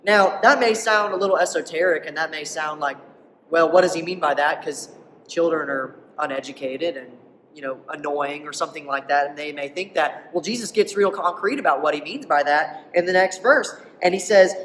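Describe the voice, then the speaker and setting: A man's voice: on the high side, normal speed, fairly bright tone, a little hiss or hum. Man, preacher, conversational sermon, emphatic, rhetorical questions, distant mic, long church reverb. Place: church hall.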